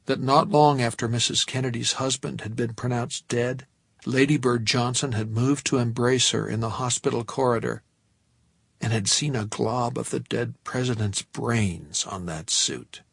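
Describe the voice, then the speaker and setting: Man, audiobook narration, gravelly, husky, dry close sound, measured first-person telling. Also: mid-range voice, steady tone, no echo.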